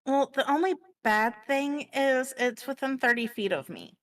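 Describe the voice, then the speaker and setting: A soft-spoken woman taking part in an online tabletop game through a voice chat mic. She talks slowly and gently, in a fairly high voice. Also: lively intonation. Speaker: player.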